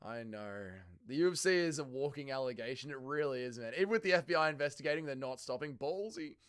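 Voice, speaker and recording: Australian male streamer, profane banter, crisp and sharp tone. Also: medium pitch, lively intonation, fast talker. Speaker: livestream host. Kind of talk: casual livestream chat, reading viewer comments.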